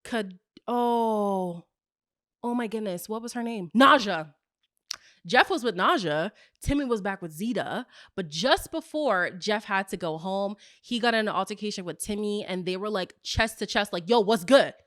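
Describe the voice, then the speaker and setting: Animated woman dishing reality TV gossip. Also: normal speed, dry recording, studio quality. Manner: animated storyteller, acts out quotes with big pitch jumps. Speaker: host of a reality TV recap show. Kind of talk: casual gossipy recap chat.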